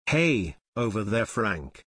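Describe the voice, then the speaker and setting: A man voicing an impulsive, eager teenage boy detective, quick to protest. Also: on the low side, sing-song, fairly bright tone, breathy edge, full character voice.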